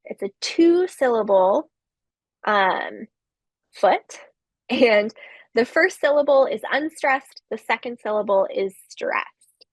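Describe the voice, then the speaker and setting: A woman giving a recorded literature lecture, explaining slowly with occasional fillers. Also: fairly high pitch, lively intonation, no room sound.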